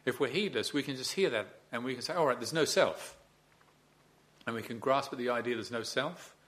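A man teaching meditation at a retreat, giving a dharma talk with gentle humor and acted-out inner voices. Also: mid-range voice, fast.

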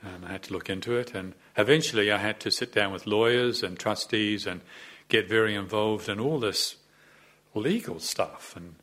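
A man's voice: on the low side, normal speed, a bit bright. A man in his sixties, a Buddhist abbot, giving a conversational dharma talk in a reflective, self-deprecating way, with frequent hesitations. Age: 60s.

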